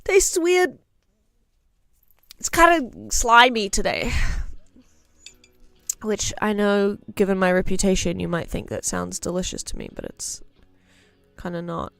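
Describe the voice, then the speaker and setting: A woman's voice: medium pitch, big pitch swings, a little slow, gravelly, a bit bright, no room sound. A young woman streaming as she draws, chatting casually, thinking aloud and playfully repeating words. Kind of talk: casual livestream chat while drawing.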